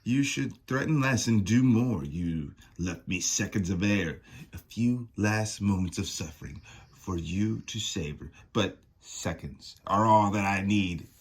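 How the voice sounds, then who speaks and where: A man's voice: lowish voice, unhurried, breathy edge. Fields: Figure: a man voicing a gloating demon dream queen. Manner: gloating, taunting, with mocking laughs. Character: cruel female nightmare demon queen, mocking. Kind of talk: reading comic dialogue aloud.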